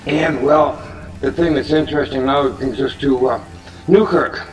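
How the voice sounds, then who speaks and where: A man casually pitching a movie idea in a meandering monologue, with restarts and uneven loudness. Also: steady tone, measured pace, far from the mic, soft background music, rough recording.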